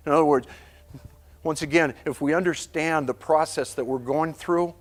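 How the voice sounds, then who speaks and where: A man presenting a marriage course in an earnest way, teaching with everyday anecdotes and acting out little scenes. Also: a little high. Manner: earnest, storytelling, acts out scenes.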